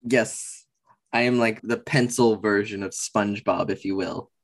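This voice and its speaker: A man's voice: fairly low pitch, steady tone, measured pace. A man co-hosting a podcast in casual chat, playful and theatrical in how he talks. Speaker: podcast co-host.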